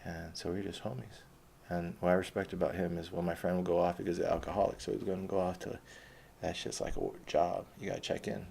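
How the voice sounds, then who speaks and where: Podcast host, male, young adult: low gravelly voice, loose profane rambling, slight room noise. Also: little pitch movement, fast, a little mellow. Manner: rambling, heavy swearing, laughs often.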